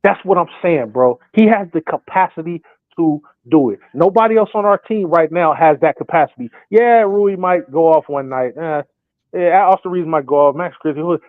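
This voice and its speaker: A young man talking sports on a podcast, excited and casual, often acting out made-up quotes. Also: on the high side, dry recording. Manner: acts out imagined quotes in put-on voices. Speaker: podcast co-host. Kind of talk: animated sports talk. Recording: thin phone-like sound.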